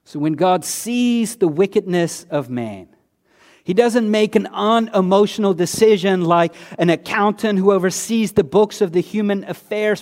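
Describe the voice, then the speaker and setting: A man preaching a sermon in a conversational way, asking rhetorical questions and dropping his voice low on key words. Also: darkish tone, in a large hall. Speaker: pastor.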